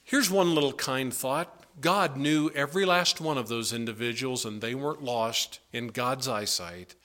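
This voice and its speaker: A pastor preaches a sermon to his congregation in a church sanctuary, his medium-pitched voice pushed and bright at a moderate pace. He sounds earnest and pleading, with emphatic swings.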